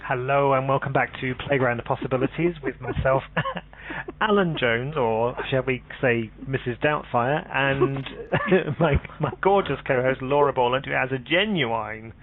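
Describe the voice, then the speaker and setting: A man's voice: medium pitch, normal speed, soft background music. A man co-hosting a radio talk show, chatting playfully and rambling with laughter. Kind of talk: casual chat. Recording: tinny phone-line sound.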